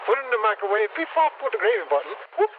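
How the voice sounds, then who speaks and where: Backwoods oddball, very high squeaky voice, rambling rural talk, tinny phone-like sound. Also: male voice, sing-song, rapid-fire, creaky, full character voice. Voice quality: high squeaky voice with folksy "whoop" exclamations. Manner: rambling rural grammar, says "ain't" and "yonder". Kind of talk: improvised comedy character. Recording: tinny phone-like audio with faint hiss.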